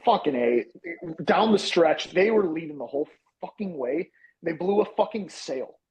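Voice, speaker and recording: A man's voice: on the high side, lively intonation, normal speed, darkish tone, rough recording. A man co-hosting a sports betting podcast, casual, loose and profane, explaining his picks at length. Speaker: podcast co-host.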